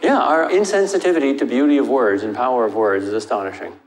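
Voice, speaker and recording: Older male lecturer, wry and emphatic Q&A answers, echoey hall, faint hiss. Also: fast. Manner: emphatic, wry, rises in pitch for stress. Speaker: lecturer answering audience questions. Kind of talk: Q&A after a lecture.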